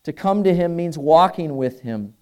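A man's voice: on the high side, expressive, normal speed, darkish tone. A man preaching a sermon as pastor, earnest, building emphasis on key phrases.

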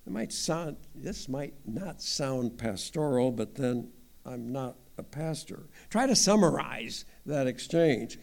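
A man's voice: medium pitch, sing-song, takes it slowly, vocal fry, a little mellow. A man teaching the Bible as a layman, talking in a conversational way with wry asides. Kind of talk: informal Bible teaching talk.

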